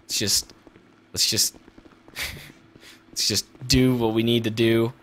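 A man's voice: medium pitch, fairly even intonation, slow pace, a bit bright. A young man streaming a video game, swearing, laughing and chatting with a friend. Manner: profane, laughing, exclaiming at the game. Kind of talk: casual gaming chat with a friend. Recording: noisy stream audio.

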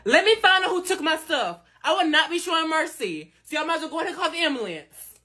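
A man's voice: very high-pitched, big pitch swings, brisk, sharp tone, husky, exaggerated voice. A man voicing a tough, defiant teenage schoolgirl in a comedy skit, sassy and profane. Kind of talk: comedy skit, one performer plays everyone.

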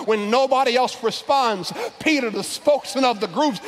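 In a large church, a pastor with a strikingly high voice preaches a sermon, his words ringing with a long reverb. At a moderate pace and with hardly any pauses, he restarts phrases and repeats words to build momentum before rising to shouted peaks.

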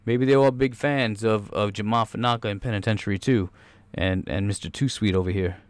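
A man hosting a podcast, reacting casually to a movie trailer in a rambling, excitable, profane way. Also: fairly low pitch, brisk, dry recording. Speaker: podcast host.

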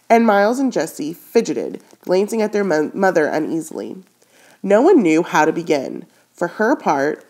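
A woman's voice: fairly low pitch, a little mellow. A woman reading a children's novel aloud chapter by chapter, stopping to comment on the story and correcting her own slips as she goes. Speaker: reader.

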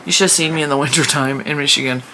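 A woman's voice: low voice, fairly even intonation, very fast, background noise. A woman vlogging casually at her desk, chatty and rambling with frequent laughs, sounding stuffy from allergies. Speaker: crochet channel vlogger. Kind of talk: casual chat vlog.

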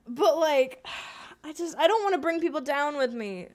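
Bright-voiced woman streamer, swearing. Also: sits high, lively intonation, measured pace, soft background music. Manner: frustrated, swearing, repeats herself. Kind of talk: live gameplay streaming.

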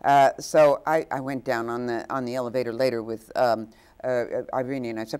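A woman's voice: rumbling low, fairly quick, a little mellow, clear, resonant tone. A woman guest actress telling stories in a hesitant way, full of fillers and restarts, acting out the quotes. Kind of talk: anecdotal storytelling. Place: inn overlooking the ocean.

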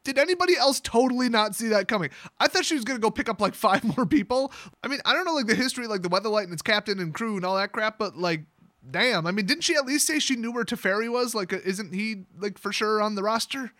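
A man's voice: sits high, animated, fast talker, sharp tone, dry recording, studio quality. A man sarcastically retelling a fantasy story, with rambling, mocking asides. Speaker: channel host.

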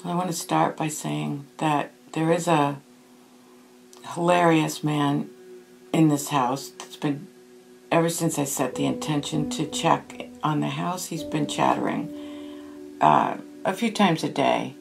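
Slow, low, gravelly-voiced woman medium. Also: expressive, soft background music. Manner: slow, hushed, thoughtful. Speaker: spirit medium. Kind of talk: recorded meditation session.

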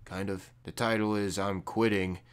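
Low-voiced young guy joking into a mic. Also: little pitch movement, moderate pace, clear, resonant tone. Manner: loose and jokey, jumps to loud high-pitched bursts when mocking. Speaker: gaming YouTuber. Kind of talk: casual talking-to-camera vlog. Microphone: desk microphone.

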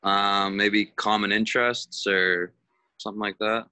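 A young man answering a teacher over a video call, his replies short and hesitant. His voice sits low and flat, with a bright edge. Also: measured pace, smooth. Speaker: student.

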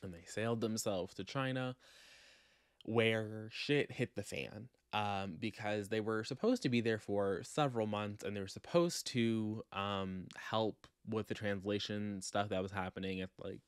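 A man recapping a book for his vlog in a casual, animated, sassy way, acting out quotes as he goes. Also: lowish voice, unhurried, clean tone, no echo, clean studio sound. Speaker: book vlogger.

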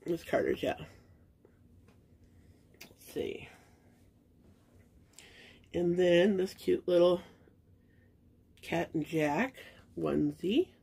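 Speaking very slowly in a fairly low, warm voice with vocal fry, a breathy edge and frequent pauses, a middle-aged woman chats casually to viewers while showing off baby clothes. She's a reborn doll collector and channel host, and her unboxing talk is gushing, sentimental and full of fillers.

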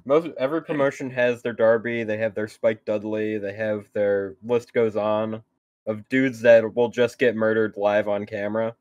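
A man co-hosting a casual wrestling podcast, throwing in short excited quips and laughs. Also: on the low side, moderate pace, no echo, dull audio. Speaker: podcast co-host. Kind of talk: casual chat.

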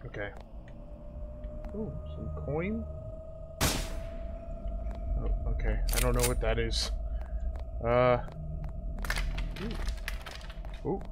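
In a very noisy recording with game music behind, a man with a sing-song, mid-range voice comments extremely slowly, with long pauses, on a horror shooter he's playing. His let's play reactions come out as jumpy exclamations and laughs.

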